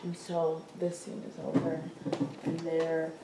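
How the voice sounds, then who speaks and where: A woman's voice: low voice, completely flat delivery, a little slow. A woman co-hosting a casual recap chat, jokey, chiming in and acting out characters' lines. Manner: jokey, chimes in and acts out lines. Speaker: podcast co-host recapping a TV episode. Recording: echoey room with faint background noise.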